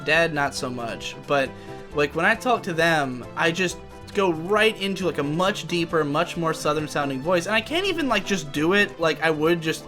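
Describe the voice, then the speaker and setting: Music plays behind a young man with a fairly high, expressive voice speaking at a normal speed. Co-hosting a podcast, he keeps up a casual chat while playing a game, thinking aloud and starting over again and again.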